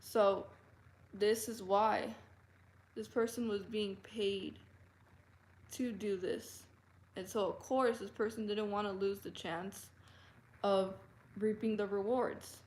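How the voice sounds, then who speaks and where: A woman telling a personal story to camera in an earnest, halting way, full of fillers and restarts. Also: mid-range voice, fairly even intonation, darkish tone. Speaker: vlogger. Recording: roomy echo.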